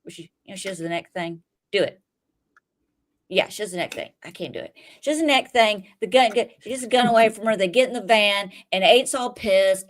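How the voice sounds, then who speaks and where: A woman co-hosting a podcast, retelling a TV episode in a rambling, profane, animated way. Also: medium pitch, a little fast. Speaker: podcast co-host. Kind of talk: casual TV recap chat.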